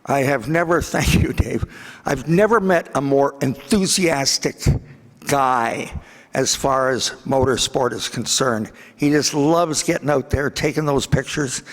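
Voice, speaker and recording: A man with a mid-pitched voice acts as master of ceremonies, making casual remarks between speeches. The room gives his voice a long hall reverb. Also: a bit bright.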